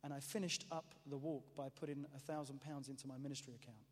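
A man preaching a testimony as an animated, self-mocking storyteller, often restarting his sentences. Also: medium pitch, quick pace, a crowd in the background. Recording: echoey hall reverb.

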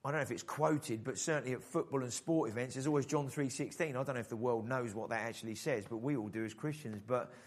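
A man preaching a sermon in an animated style, acting out the voices in the story. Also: mid-range voice, quick pace, few pauses. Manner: animated preaching, acts out the father's voice. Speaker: pastor.

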